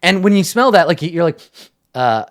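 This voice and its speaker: A man's voice: a little high, very animated, normal speed. A man narrating as game master of a tabletop game, rambling with many restarts.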